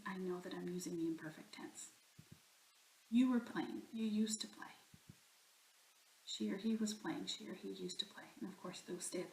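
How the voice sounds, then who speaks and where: A woman's voice: mid-range voice, darkish tone, a little hiss or hum. Patient woman teaching grammar, echoey room. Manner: patient, explains step by step. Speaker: Spanish teacher. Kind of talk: recorded grammar lesson.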